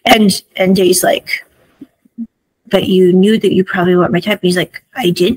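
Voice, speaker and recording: A woman's voice: mid-range voice, breathy edge, dry recording, poor audio. A woman hosting a casual review show, retelling scenes of a drama in quoted dialogue with many asides. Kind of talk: casual recap and commentary.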